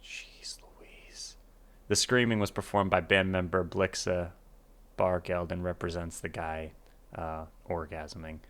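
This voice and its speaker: A man with a very low, deep voice hosts a casual music reaction video. He reads notes aloud and lets his remarks trail off quietly between them. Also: flat delivery, unhurried. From United States. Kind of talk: casual reaction commentary reading annotations.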